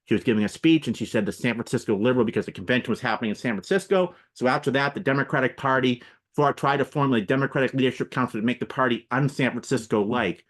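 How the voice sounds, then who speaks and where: A man's voice: mid-range voice, fast talker, a bit bright. A man speaking as a political analyst guest in a radio interview, explaining at length and listing names and examples.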